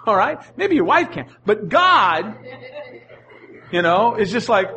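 Man, pastor, sermon, high voice, earnest, repeats himself. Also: sing-song, slow, sharp tone, slight background noise. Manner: earnest, repeats phrases while preaching.

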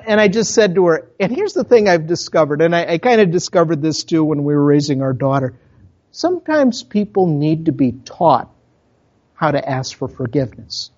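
A pastor from Minnesota with a Minnesotan accent, preaching a sermon in a conversational storytelling way, full of asides to the congregation. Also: male voice, a little high, expressive, moderate pace, lo-fi sound. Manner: conversational, with self-interrupting asides.

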